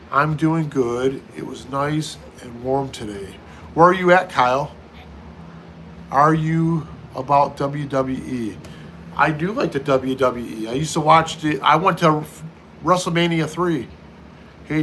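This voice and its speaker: Bright-voiced man chatting on a livestream. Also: fairly high pitch, a little hiss or hum. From United States. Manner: reads viewer comments aloud and answers each one. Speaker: livestream host. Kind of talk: casual livestream chat.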